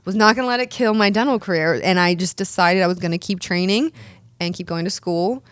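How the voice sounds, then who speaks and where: Here the guest, a woman in her thirties who works as both a dentist and a pro wrestler, has a lowish, fairly bright, clean voice and a brisk delivery. She tells upbeat stories in a chatty way, frequently starting over, in casual interview answers. The recording is dry.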